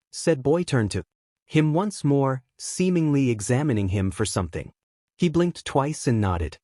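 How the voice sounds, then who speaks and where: A man reading a fanfiction story aloud as the narrator, in steady storytelling. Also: mid-range voice, moderate pace, no echo, studio quality.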